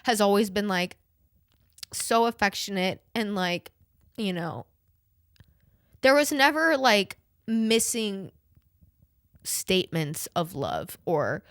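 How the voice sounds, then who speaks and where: Speaking slowly and pausing often, this late-twenties podcast host has a medium-pitched, fairly bright, very animated voice. She chats casually about her family, rambling with plenty of "like" and casual swearing while nearly in tears, in a dry recording.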